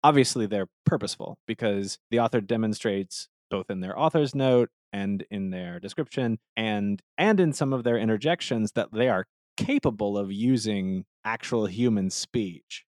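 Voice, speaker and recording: A woman's voice: rumbling low, normal speed, a little mellow, no room sound. A woman in casual chat, reading from a story in a dry, exasperated way with many fillers. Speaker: podcast co-host. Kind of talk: casual chat reading fan fiction aloud.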